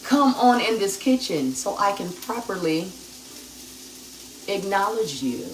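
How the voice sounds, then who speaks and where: A woman's voice: mid-range voice, big pitch swings, takes it slowly, slight background noise. A woman hosting a live cooking stream from her home kitchen, chatting with her viewers as she cooks. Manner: chatty, talks straight to viewers. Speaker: cooking show host. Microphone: phone camera at a distance. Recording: echoey kitchen, mic far off, sizzling pan. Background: frying and sizzling food.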